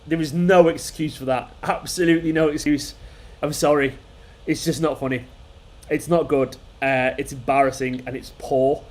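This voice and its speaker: A man's voice: a little high, steady tone, moderate pace, darkish tone. Man, football fan host, live reaction, frustrated, sweary, repetitive. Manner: exasperated, swearing, repeating himself.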